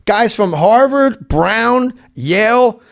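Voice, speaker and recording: A man's voice: high-pitched, takes it slowly, gravelly, no room sound, clean studio sound. A man in casual podcast chat, telling stories animatedly and acting out quotes with frequent laughter. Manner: animated storyteller, acts out quotes, laughs often. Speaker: podcast guest, former comedy writer.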